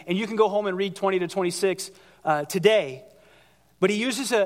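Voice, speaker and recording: Animated high-voiced male pastor preaching. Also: long reverb tail. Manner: animated, conversational, acts out quoted voices. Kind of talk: sermon. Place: large church hall.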